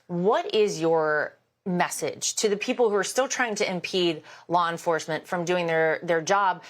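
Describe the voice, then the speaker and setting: A young adult woman hosts a news interview, her voice a little lower than most women's. She frames long questions in a conversational way, stopping now and then on small fillers. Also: normal speed. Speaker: talk show host.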